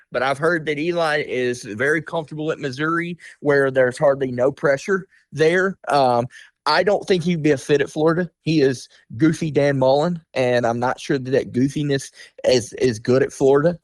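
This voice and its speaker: A man speaking as a guest insider on a radio sports talk interview, candid and blunt, often filling pauses with "you know" and "um". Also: medium pitch, no echo.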